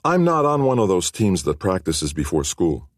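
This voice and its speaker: A man's voice: low-pitched, sing-song, moderate pace, no room sound, studio quality. A man reading an audiobook, voicing a defiant teenage boy who talks in a blunt, flippant, stubborn way.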